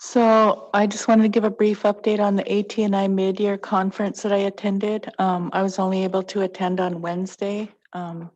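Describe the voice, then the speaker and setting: Woman council member, mellow and even-toned, delivers a slow meeting update. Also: medium pitch, highs cut off. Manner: measured, with many ums. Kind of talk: meeting report.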